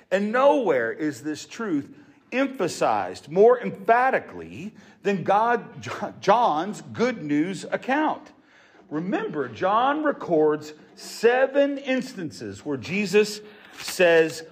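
A man preaching a sermon to his congregation in an earnest, emphatic way. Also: sits high. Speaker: pastor.

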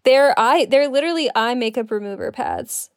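A young woman co-hosting a podcast, chatting casually about beauty products she bought, self-deprecating and quick to laugh. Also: high voice, clean tone, no echo, clean studio sound. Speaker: podcast co-host. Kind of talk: casual chat reviewing products.

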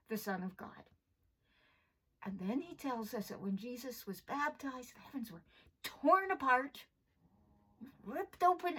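A woman's voice: a little high, a bit bright, slightly rough, poor audio. A woman pastor preaching a sermon in an earnest, emphatic way, repeating phrases for stress.

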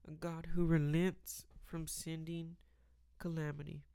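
A man giving a casual, rambling Bible reflection, reading verses aloud and filling pauses with "um" and "like.". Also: a little high, flat delivery, vocal fry, mellow, clean tone, no room sound, clean studio sound. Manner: rambling, many fillers, reads scripture aloud.

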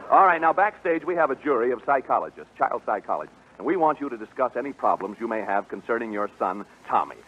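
A man's voice: mid-range voice, lively intonation, quick pace, few pauses. A man hosting a live radio game show, jovial and joking, often laughing along with contestants. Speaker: quiz show host. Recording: old lo-fi radio broadcast with faint hiss.

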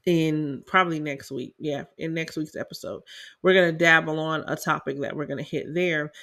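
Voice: mid-range voice, a bit bright. A host from South Carolina with a Southern accent, chatting casually and laughing often while explaining business money matters to listeners. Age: adult parent. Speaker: podcast host. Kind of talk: casual teaching talk on small business finances.

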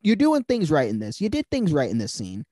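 Male podcast host, lively, profane banter, dry close sound. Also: fairly high pitch, a little fast, no room sound. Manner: joking, profane, animated. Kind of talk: casual chat.

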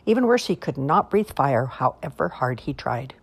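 A woman reading children's picture books aloud in an expressive, sing-song storytelling manner. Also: rumbling low, moderate pace, vocal fry, breathy edge.

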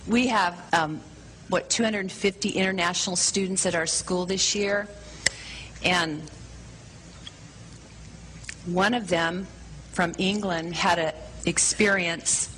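A woman's voice: on the low side, steady tone, slow pace, pauses often, a bit bright, slight background noise, poor audio. A woman preaching, telling a story to a congregation in an enthusiastic, breezy manner. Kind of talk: sermon storytelling.

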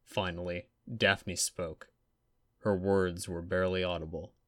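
A man with a lowish voice reading a story aloud at a steady, even pace. The sound is close and completely dry, with no room echo. It sounds like an audiobook narration. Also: measured pace.

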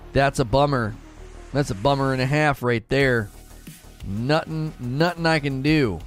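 A man streaming a game, chatting casually with viewers, reading their messages aloud and often restarting his sentences. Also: medium pitch. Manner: animated, restarts often, reads chat aloud. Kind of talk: casual live-stream chat while gaming.

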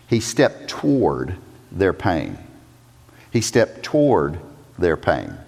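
A man preaching a sermon as pastor, swinging dramatically between loud urgent passages and hushed low ones. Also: gravelly. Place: church sanctuary. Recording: long hall reverb.

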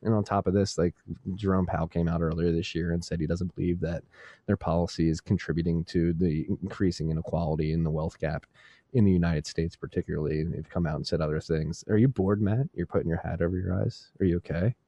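Casting: low, dark-toned male co-host, exasperated profane ranter, close dry mic. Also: fairly even intonation, quick pace, no room sound. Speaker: podcast co-host. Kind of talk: casual chat.

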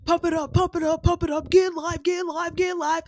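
A woman imitating a loud male hype man chanting cheers to pump up a crowd. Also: little pitch movement, normal speed, dry recording, studio quality. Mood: hyped. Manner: high, chanting, repeating short cheers.

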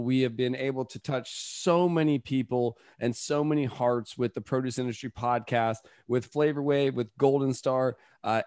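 A man hosting a podcast, chatting casually, animated and quick to laugh, acting out movie lines as he talks. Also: mid-range voice, clean tone, dry recording, clean studio sound. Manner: animated, laughs often, acts out movie quotes. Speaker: podcast host.

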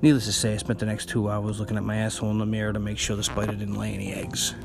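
A man's voice: on the low side, completely flat delivery, very fast, creaky. Man, podcast host, rambling profane stories, music behind. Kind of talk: casual storytelling.

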